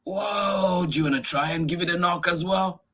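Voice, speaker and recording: Over a noisy background, a man with a high voice hosts story time, reading a picture book to children at a moderate pace. He reads with animation, exclaiming a lot and asking the kids questions.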